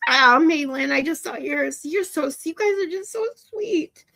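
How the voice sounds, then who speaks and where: A woman talks to her stream viewers in a high, bright voice. Her chat rambles, and she laughs a lot and gets teary with emotion. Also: lively intonation, measured pace, gravelly. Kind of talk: casual livestream chat with viewers.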